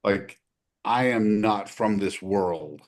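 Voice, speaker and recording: A man with a lowish voice co-hosts a podcast in casual chat. He talks in an easygoing way and laughs often between his remarks. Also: takes it slowly. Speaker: podcast co-host.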